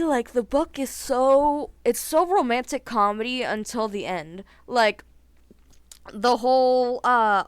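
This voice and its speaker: A woman talks straight into the camera in a loose, chatty vlog, her voice smooth and clear. She keeps saying "like" and laughs at her own opinions. The sound is close and dry, with no room around it. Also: mid-range voice, dry recording. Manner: chatty and animated, heavy use of "like". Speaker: vlogger.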